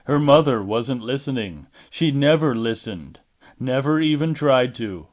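A man reading a fan-made audiobook in a measured, deliberate way. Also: mid-range voice. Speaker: audiobook reader. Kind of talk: amateur audiobook narration.

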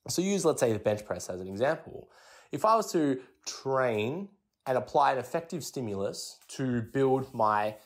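A relaxed young man hosts a fitness podcast and talks it through casually. He trips over his words and restarts often, at an ordinary, mid-range pitch. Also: normal speed. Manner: relaxed and chatty, many fillers and restarts, acts out gym thoughts. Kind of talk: casual explanatory talk.

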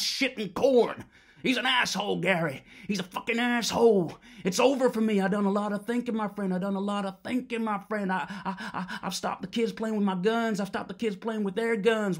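A man's voice: high voice, gravelly. A man playing a rambling, defensive ex-militant talking on the phone, stammering through restarts and swearing in a comedic monologue. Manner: one-sided phone call, repeating himself, stammering restarts, swearing.

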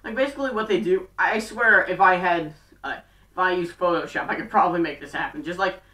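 A woman casually recapping a TV show, rambling and talking in quick bursts full of fillers. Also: lowish voice, pushed and bright. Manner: chatty and rambling, fast bursts, many fillers. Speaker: fan video recapper. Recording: roomy, distant from mic.

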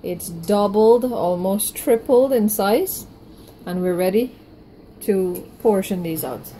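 Woman teaching a baking recipe, mellow voice. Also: medium pitch, slow, a little hiss or hum, rough recording. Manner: warm step-by-step instructions with reassuring promises. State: out of breath from kneading. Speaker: home baking cook. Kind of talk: cooking tutorial narration.

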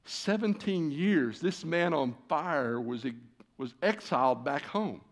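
Guy preaching in a church, storytelling sermon, acts out the conversations, middle pitch. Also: takes it slowly. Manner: animated, acts out quoted conversations. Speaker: guest preacher. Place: church sanctuary.

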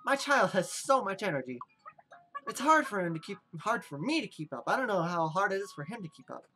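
A woman's voice: medium pitch, big pitch swings, fairly quick, pushed and bright, slight background noise, poor audio. A woman voicing a worried, frazzled young mother who pleads with her restless child. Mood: fretful. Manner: fretful, pleading.

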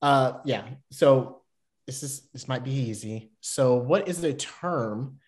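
A Southern man from Georgia rambling happily as a podcast guest, often laughing at himself. His voice is at an average pitch for a man. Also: slow pace. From Atlanta, Georgia. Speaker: podcast guest, baseball player. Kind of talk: casual podcast chat.

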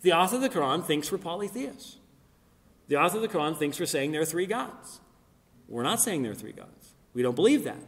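A middle-aged man speaks with a fairly high voice, lecturing and arguing his points with insistent emphasis. His voice rings through a church hall with a long, lingering reverb. He often restarts sentences and adds fillers before landing hard on a point. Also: sing-song, brisk. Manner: emphatic, argumentative, rising loud on key points. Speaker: Christian apologist speaker. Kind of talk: apologetics lecture.

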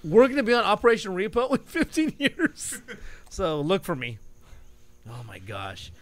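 This man has a high voice and talks at normal speed. As a podcast co-host, he spins an animated story in casual conversation, chuckling at his own tale.

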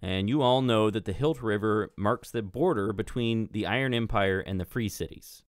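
A man running a tabletop game, explaining the setting in a relaxed way with fillers. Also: fairly low pitch, moderate pace, no echo, studio quality. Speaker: game master. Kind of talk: casual tabletop play.

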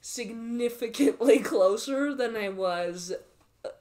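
Over a crowd in the background, a Canadian woman in her twenties guests on a podcast, speaking slowly in a fairly high voice. She chats casually, giggling, rambling, and using plenty of filler words.

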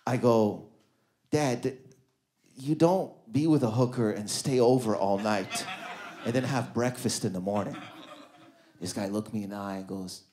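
A man in his thirties doing a stand-up comedy set in a club, loose and conversational, throwing quick asides to the crowd. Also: fairly low pitch, warm tone. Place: comedy club stage before a live audience.

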